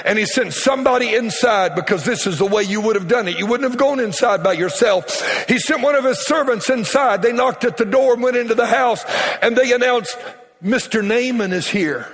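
High-voiced preacher in a reverberant hall. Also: male voice, brisk, a bit bright. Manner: dramatic storytelling, acting out quotes. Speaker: pastor. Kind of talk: sermon.

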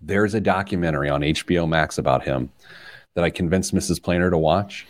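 A man in his forties hosting a personal finance podcast, telling stories in an animated way, laughing often and wandering off on tangents. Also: deep voice, brisk. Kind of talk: casual chat.

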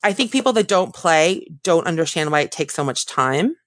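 A woman therapist answering interview questions in a thoughtful way, often pausing and correcting herself. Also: low-pitched, lively intonation, dry recording, studio quality. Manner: thoughtful, self-correcting, many fillers.

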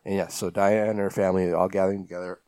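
Low-voiced rambling podcast host. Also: male voice, flat delivery, fast talker, mellow, slight background noise. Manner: rambling, many fillers and restarts. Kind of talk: casual podcast chat recapping a film.

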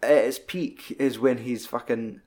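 Man, podcast co-host, casual sweary film chatter, ordinary middle pitch. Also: steady tone, a little slow, darkish tone. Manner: loose, sweary, lots of "like".

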